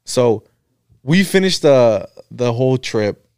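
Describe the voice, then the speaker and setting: A man casually telling a story among friends, profane and animated, acting out the quotes. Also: medium pitch, slow pace, smooth, no echo, studio quality.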